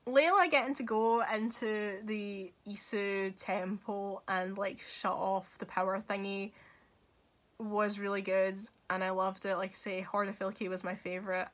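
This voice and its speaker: A young woman hosting a casual gaming talk video, animated and laughing often, swearing freely as she shares her thoughts. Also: medium pitch.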